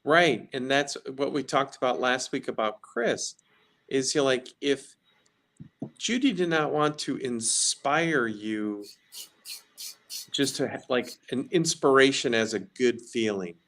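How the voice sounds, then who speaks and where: A man's voice: mid-range voice, expressive, slow, fairly bright tone. A man co-hosting a talk show, speaking earnestly and driving home a message. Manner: earnest, emphatic, builds to punchy lines. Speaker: co-host.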